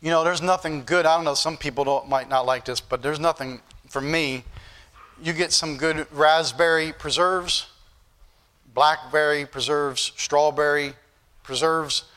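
Bright-voiced folksy preacher. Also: male voice, on the high side, fairly even intonation, unhurried. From northern United States. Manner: folksy, joking asides, building to emphatic preaching. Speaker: pastor. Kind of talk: sermon.

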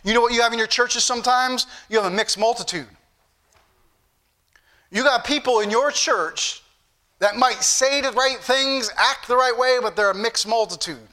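High, bright-voiced fervent male preacher. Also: moderate pace. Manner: fervent preaching, repeats phrases, addresses brethren. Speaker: pastor. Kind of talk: sermon.

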